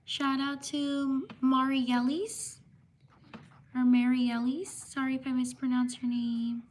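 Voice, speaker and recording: A woman with a high, fairly level voice hosts a live stream, giving unhurried shout-outs to viewers one by one. She pauses over names she is unsure how to say. A faint hum of noise sits behind her. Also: little pitch movement.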